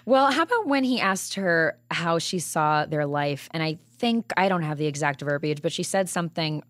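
A woman with a somewhat low voice talks casually as a podcast guest, dropping wry, quick asides as she goes. She sits close to a studio mic, and the sound is dry with no echo. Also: animated, a bit bright. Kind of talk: casual chat.

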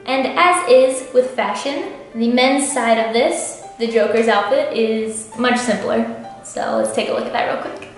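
Woman host, fairly high voice, chatty and a bit breathless; very echoey room, faint music. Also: unhurried. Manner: chatty, explains details with emphatic jumps in pitch. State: slightly out of breath from a tight corset. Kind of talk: casual costume walkthrough.

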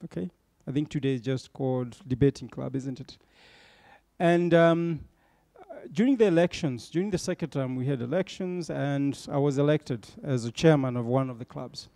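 A man's voice: mid-range voice, normal speed, creaky, dark tone, no room sound. A middle-aged man giving a motivational storytelling talk to young leaders, often checking in with tag questions. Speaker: bank executive speaking to young leaders.

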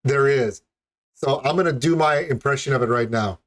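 A man's voice: mid-range voice, normal speed. A man hosting a music video reaction, talking in an enthusiastic, rambling and jokey way. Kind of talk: casual reaction commentary.

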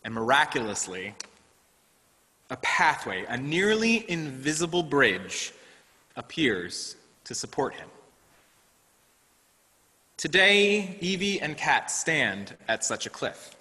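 A man delivers a sermon at an unhurried, measured pace, and his tone is bright and forward. He tells a story in an earnest, deliberate way, pausing often. His voice rings out with a long reverb, as if he is in a large hall. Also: fairly high pitch, sing-song. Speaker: director of lifespan faith development.

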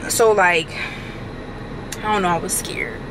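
A young woman vlogging from her car, chatting to her viewers in an animated, slangy way and swearing casually. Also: lowish voice, a little slow, noisy background. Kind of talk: casual chat to camera.

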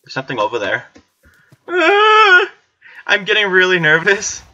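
A woman gamer does let's play commentary, chatting with herself and screaming and swearing whenever something startles her. Her fairly low voice is very animated, fast and sharp in tone, captured in a slightly dull lo-fi recording.

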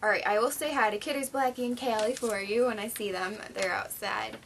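A teenage girl vlogging as she unboxes fan mail, chatty and easily excited. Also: mid-range voice, fairly quick, slight background noise. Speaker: craft vlogger.

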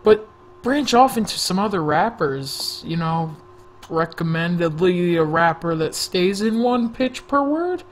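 A man's voice: sits high, lively intonation, a little slow, a little hiss or hum. A man telling a rambling, jokey story-time vlog into a desk microphone, often sidetracking himself. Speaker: vlogger.

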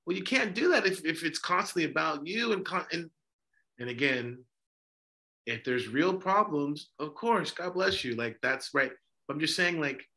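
Hosting a podcast discussion, this Orthodox priest has a medium-pitched, pushed and bright voice. He speaks passionately, asking one rhetorical question after another.

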